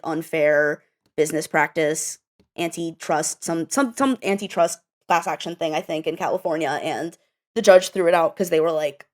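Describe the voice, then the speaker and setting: A woman talks as a podcast guest in a loose, blunt, chatty way, swearing as she goes. Her voice sits a little low for a woman. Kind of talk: casual podcast chat.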